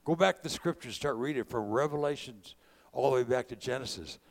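A man's voice: medium pitch, brisk, vocal fry. A man from California preaching a sermon, mixing conversational storytelling with impassioned calls to his congregation. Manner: preaching with rising bursts of volume.

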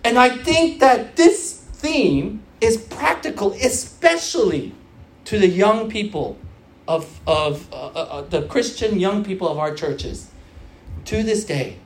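Slow, earnest preacher who repeats phrases for emphasis. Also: medium pitch, very animated. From Korean background. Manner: hesitant restarts with fillers. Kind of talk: sermon to young churchgoers.

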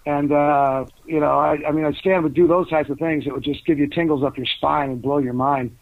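A man's voice: fairly high pitch, fairly even intonation, normal speed, dry recording. An older man, a guest author, telling long rambling stories in a casual interview, full of fillers and restarts. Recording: tinny phone-like dry sound.

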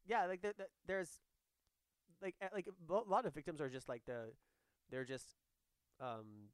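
A man in casual chat, talking haltingly with lots of restarts and hedging. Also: a little high, sing-song, clean tone, no echo. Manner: halting, many fillers and restarts.

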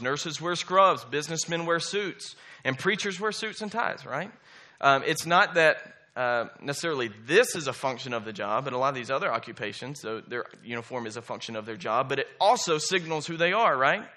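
Male preacher in his thirties, bright forceful voice a touch high, emphatic sermon delivery, repeats his key points. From Southern US. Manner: emphatic, repeats key phrases and checks in with "okay?" and "right?".

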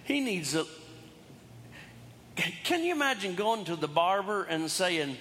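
A man's voice: high-pitched, big pitch swings, measured pace, pauses often, fairly bright tone, in a large hall, a little hiss or hum. A man preaching a sermon, retelling a story in a folksy, humorous way with asides to his congregation. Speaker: pastor.

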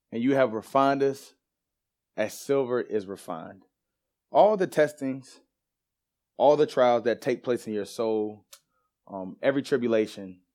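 A man's voice: lowish voice, a little mellow. A man preaching in a church, telling a personal story with laughter and casual slang before turning to scripture. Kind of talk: storytelling sermon. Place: church sanctuary.

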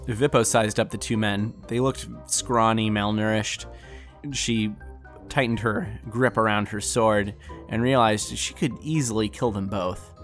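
Low-voiced male storyteller. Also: fairly even intonation, measured pace, fairly bright tone. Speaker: narrator. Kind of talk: storytelling narration. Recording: faint background music.

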